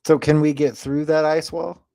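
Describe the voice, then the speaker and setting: A man's voice: fairly high pitch, level tone, moderate pace, creaky, warm tone, no echo, clean studio sound. Pushy, teasing man hosting a chat show. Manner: pushy, teasing, demanding answers. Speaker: host. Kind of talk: casual online chat show.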